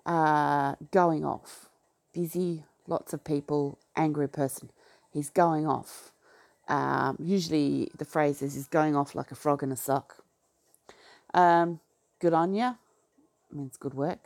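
Aussie lady going through a slang list, slow easy pace, dropping into soft little asides. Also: fairly even intonation, creaky. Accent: Australian. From Western Australia. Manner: low-key, drops into soft asides, laughs at her own remarks. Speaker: vlogger. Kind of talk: casual reading of a slang list with comments.

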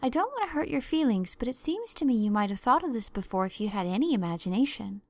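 A woman's voice: on the high side, sing-song, no echo, studio quality. A woman voicing a chatty, imaginative young girl who talks eagerly and dramatically. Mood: brisk. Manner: eager, effusive, quick to dramatize.

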